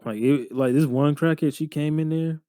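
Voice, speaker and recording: A young man in his twenties, co-hosting a podcast, telling job stories in a casual, profane, animated way full of slang. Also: a little high, moderate pace, dry recording. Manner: slangy, profane, animated retelling with lots of "bro". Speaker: podcast co-host. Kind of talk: casual storytelling chat.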